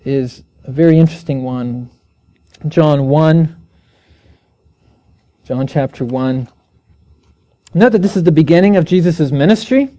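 Preacher, male, slightly high, mellow tone; earnest teaching style. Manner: earnest, asks the listeners questions, raises pitch when reading scripture aloud. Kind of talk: evening Bible teaching sermon.

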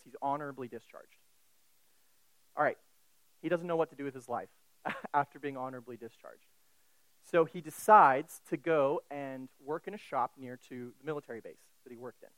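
A man's voice: a little high, fairly bright tone, no room sound, low-quality recording. A man preaching a sermon in a conversational way, often asking the listeners questions.

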